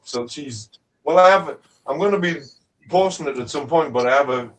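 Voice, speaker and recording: A man telling a lively anecdote in a casual chat, acting out the voices he quotes. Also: on the high side, moderate pace. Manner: animated, acts out quoted voices. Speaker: guest crew member. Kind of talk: casual storytelling. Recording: distant mic with faint noise.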